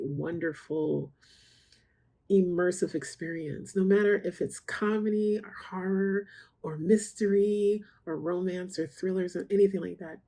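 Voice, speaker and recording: Low, gravelly woman rambling casually to camera, open about her feelings. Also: dark tone. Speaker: reaction channel host.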